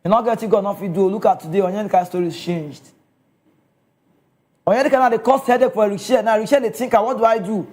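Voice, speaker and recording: A man's voice: high-pitched, fast, a little mellow. A man with a Nigerian accent giving casual football commentary, chatty and often checking in with his listeners.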